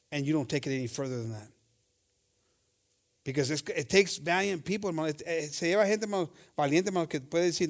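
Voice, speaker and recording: Fiery high-pitched preacher switching languages. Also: lively intonation. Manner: switches between English and Spanish, calls the congregation "hermanos"; reads scripture slowly, then preaches with rising shouts. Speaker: pastor. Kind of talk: bilingual sermon.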